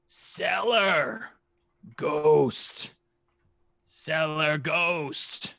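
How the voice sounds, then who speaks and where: Chillworm, a man doing a shrill greedy little dragon. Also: very slow, vocal fry, no room sound, heavily acted. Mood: secretive. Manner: shrill, repeats words in excited bursts. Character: greedy chattering young dragon, hoards treasure.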